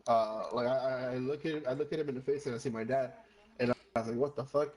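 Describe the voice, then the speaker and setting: Chatting casually with friends over a game, a man tells a rambling story, restarting sentences, cursing freely and slipping Spanish phrases into his English. He talks fast at an ordinary middle pitch, and the recording is rough.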